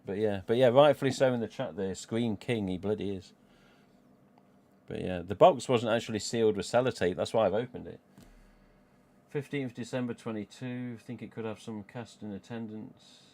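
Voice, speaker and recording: A middle-aged man with a Midlands accent hosts a relaxed live stream, rambling from one thought to the next. His voice sits a little low, and he swears casually and chuckles to himself as he talks. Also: normal speed. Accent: English Midlands. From England. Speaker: livestream host.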